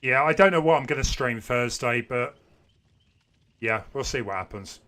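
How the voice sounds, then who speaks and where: A man chats casually with viewers during a game livestream, rambling from one thought to the next. His voice is bright and forceful, sitting at an ordinary pitch for a man. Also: expressive, normal speed. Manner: chatty, rambling, talks to viewers. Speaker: gaming livestreamer. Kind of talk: casual chat while streaming a game.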